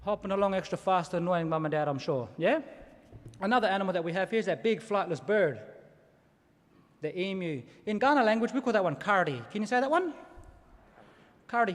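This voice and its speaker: A middle-aged Australian man giving a lively ceremonial welcome speech, telling stories and asking the audience to repeat words. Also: sits high, fairly quick. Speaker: Aboriginal elder giving a welcome to country. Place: large ceremony hall. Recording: long hall reverb.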